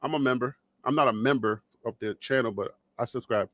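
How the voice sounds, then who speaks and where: A man's voice: mid-range voice, fairly quick, fairly bright tone, no echo. A man from Liberia hosting a live sports show, chatting playfully with viewers and laughing often. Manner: playful, laughing, teasing the chat. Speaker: host. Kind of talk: casual live-stream chat.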